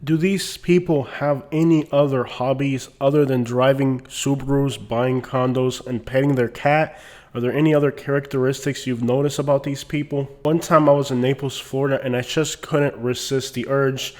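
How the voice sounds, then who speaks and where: A man's voice: medium pitch, fairly even intonation, normal speed. Rambling, mocking male vlogger. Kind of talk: casual comedic rant.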